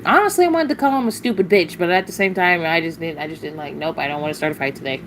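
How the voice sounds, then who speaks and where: A woman's voice: on the low side, fast, noisy background. A woman venting on a casual livestream, blunt and profane, rambling with sighs and short laughs.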